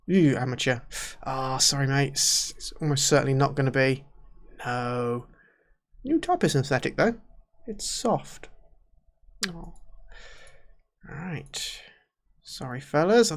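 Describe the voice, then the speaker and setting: A man in casual let's-play commentary, talking slowly and at a middle pitch. He mutters to himself, thinks aloud and lets his words trail off quietly, with faint mouse clicks in the background. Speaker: gaming YouTuber.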